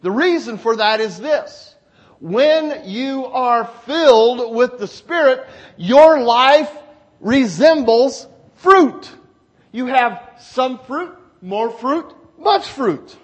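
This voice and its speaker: A man preaching a sermon with emphatic, repeated phrases, swinging from loud exclamations to hushed asides. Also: extremely high pitch, lively intonation, takes it slowly.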